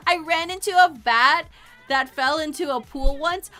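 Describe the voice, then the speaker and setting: Young woman streamer, high bright voice, rambling animated chat, faint music behind. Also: normal speed. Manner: animated, rambling storytelling with frequent laughs. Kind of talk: casual livestream chat.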